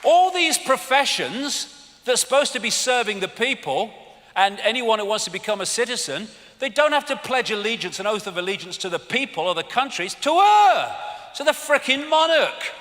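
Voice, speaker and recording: A man in his sixties with an English accent, giving an animated, sarcastic, sweary live talk on an arena stage. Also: extremely high pitch, moderate pace. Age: 60s. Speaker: lecturer. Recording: arena hall reverb with faint crowd.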